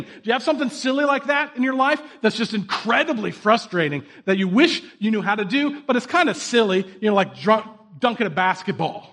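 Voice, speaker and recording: A man preaching a sermon in a relaxed, conversational way, telling self-deprecating stories and asking the listeners direct questions. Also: high-pitched, brisk.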